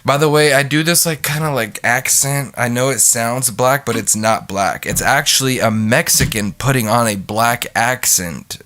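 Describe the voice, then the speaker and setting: A man's voice: medium pitch, moderate pace, few pauses, fairly bright tone. A man hosting his own podcast, talking in a rambling, goofy way, swearing freely and breaking off into bits of song. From United States. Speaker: podcast host. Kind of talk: rambling solo podcast talk.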